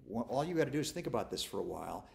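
Folksy, animated male Bible teacher. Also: medium pitch, very fast, vocal fry. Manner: folksy, conversational, self-deprecating humor; stumbles and restarts often. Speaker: pastor leading a Bible study. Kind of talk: informal sermon.

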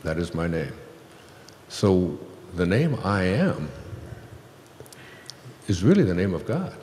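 Deep-voiced man in an echoey hall. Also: darkish tone, slight background noise. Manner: rambling, with many fillers and chuckles. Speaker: speaker on stage. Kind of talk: spiritual talk, storytelling. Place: hall with an audience.

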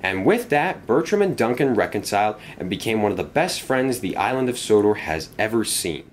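A man narrating a children's storybook tale in an expressive, animated way. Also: fairly low pitch, brisk, a little hiss or hum.

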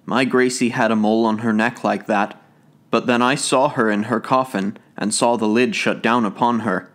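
A man's voice: lowish voice, steady tone, normal speed, fairly bright tone, close to an everyday voice. A man voicing a sorrowful old mother recalling her lost daughter in a wavering tone.

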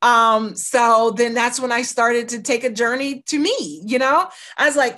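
A middle-aged woman from the United States with a fairly high voice, telling her personal story as an interview guest. She speaks with emphasis and brings in the voices of the people in her story, often pausing on "you know" and "right.". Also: bright, forceful tone. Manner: emphatic, acts out quoted dialogue, peppers talk with "you know" and "right". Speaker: guest, lawyer.

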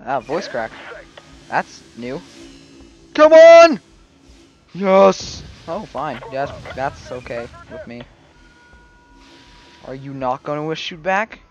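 A man giving let's play commentary, excitable, swinging between low mumbling and sudden yells. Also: slow pace, long pauses, faint music behind. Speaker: gaming channel host.

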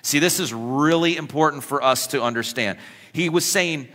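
A man's voice: a little high, moderate pace, pushed and bright. A man preaching a sermon as pastor, joking with the congregation and acting out quoted voices. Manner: acts out quoted voices with humorous asides. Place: church. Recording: long church hall reverb.

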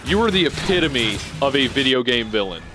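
A young man giving live commentary on a video game he is playing, excitable and swearing as he reacts out loud. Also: medium pitch, a little fast, over music. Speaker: gameplay streamer. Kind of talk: live let's-play commentary.

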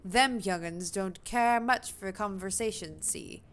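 A woman's voice: mid-range voice, close to an everyday voice. A woman voicing a chatty male ship peddler, reading his lines with a shaky attempt at a British accent. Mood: folksy. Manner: reading the lines aloud with a halting put-on accent.

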